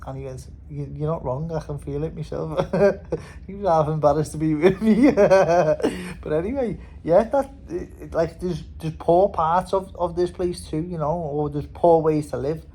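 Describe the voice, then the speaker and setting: A man's voice: fairly high pitch, measured pace, mellow, slightly rough, poor audio. A young man with a Scouse accent, a boxer rambling casually in a vlog, swearing and laughing as he talks. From Liverpool, England. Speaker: boxer and vlogger.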